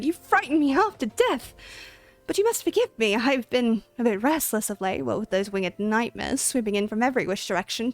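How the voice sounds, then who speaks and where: A woman's voice: a little high, close to an everyday voice. A woman doing a jumpy, flustered scholar. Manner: flustered, breathless and wordy. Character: fussy, skittish scholar plagued by birds.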